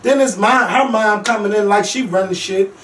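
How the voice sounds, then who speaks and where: A man hosting a casual talk show, ranting bluntly and profanely about reality TV, with lively swings in loudness. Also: high-pitched, normal speed, slight background noise. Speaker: podcast host. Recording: echoey room, mic at a distance.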